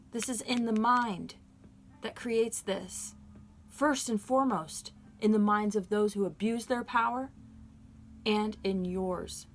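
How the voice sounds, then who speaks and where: Earnest woman giving a tarot reading. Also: medium pitch. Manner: earnest, emotional and encouraging, speaking to viewers directly. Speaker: tarot reader.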